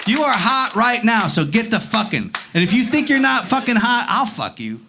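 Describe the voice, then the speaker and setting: A man's voice: very high-pitched, lively intonation, normal speed, vocal fry, background noise. A man doing a profane, rambling stand-up set on a comedy club stage, acting out voices as he goes.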